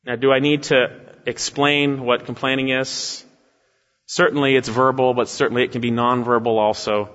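A man's voice: medium pitch, flat delivery, normal speed, a bit bright. A man preaching an expository sermon as a pastor, emphatic and pressing his point with repeated rhetorical questions that end in "right?". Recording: echoey hall, slightly dull sound.

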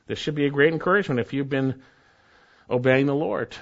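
Preacher, male, earnest and emphatic; muffled lo-fi recording. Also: brisk. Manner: earnest, emphatic, drops to soft low phrase endings. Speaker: pastor. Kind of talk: expository sermon. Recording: dull lo-fi recording.

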